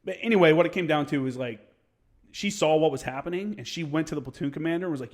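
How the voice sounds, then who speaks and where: A man's voice: on the high side, brisk. A young man telling a story in casual podcast chat, swearing freely and acting out the quotes of the people in it. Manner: profane, animated storyteller who acts out quotes. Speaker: podcast guest.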